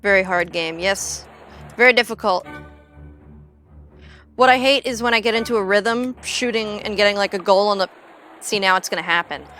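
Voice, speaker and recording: A woman's voice: medium pitch, normal speed, pauses often, sharp tone, faint music behind. A young woman chatting casually on a gaming livestream, rambling and joking with frequent swearing. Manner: rambling, jokey, swears freely. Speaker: streamer.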